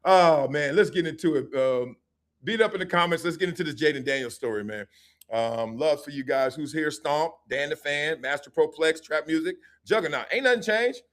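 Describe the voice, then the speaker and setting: A middle-aged man hosts a live sports stream, a former player telling stories. His voice sits a little above the usual pitch for a man and stays lively and joking, with quick asides. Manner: animated storytelling with laughs and quick asides. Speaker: sports show host, former football player.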